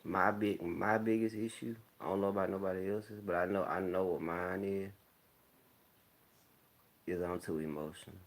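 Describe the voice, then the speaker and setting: Deep gravelly man rambling. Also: steady tone, normal speed, pauses often. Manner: laid-back, rambling, candid talk with frequent throat clearing. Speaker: vlogger. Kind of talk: casual monologue to camera. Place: home, smoking while talking.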